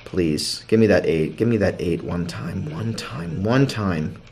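A man streaming a live casino game, pleading and chanting at the wheel and breaking into loud shouts. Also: sits low, expressive, a little slow, gravelly, slight background noise. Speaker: gambling streamer. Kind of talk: excited live casino commentary.

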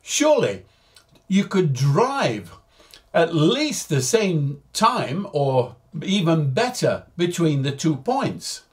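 A man's voice: fairly high pitch, sing-song, slow. An older man hosting his flight simulator videos, chatting in a cheerful, jokey way straight to his viewers. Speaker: flight sim video host. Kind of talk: casual chat to camera.

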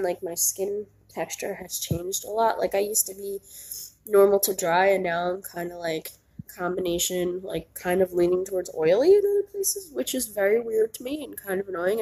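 A woman's voice: mid-range voice, dark tone, husky. A young woman, stuffy and nasal from a cold, chatting casually to her viewers in a rambling way full of ums and likes. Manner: rambling, lots of ums and likes, laughs easily. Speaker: vlogger. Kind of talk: casual chat.

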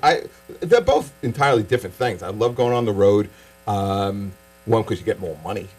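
A stand-up comic from Staten Island, delivering a punchy set with quick asides, then chatting casually in an interview. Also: male voice, fairly low pitch, darkish tone, soft background music, rough recording. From Staten Island, New York.

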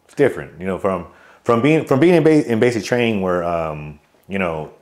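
Man, 30s, from California, very low voice, army veteran guest, rambling casual storyteller. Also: expressive, fairly quick, darkish tone. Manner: loose, rambling, with many fillers and restarts; outgoing joker telling stories.

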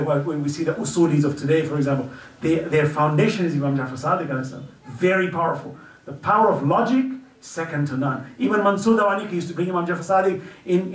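Man preaching in an echoey hall. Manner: earnest storyteller who drops low and soft for quoted speech. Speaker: guest speaker at a religious celebration. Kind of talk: storytelling religious lecture. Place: community center hall at an event. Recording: echoey hall picked up from far off.

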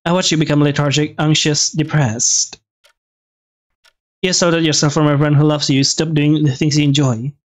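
A man reading a visual novel aloud with casual asides, halting and restarting words. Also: on the high side, steady tone. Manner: halting, restarts words, reads with some feeling.

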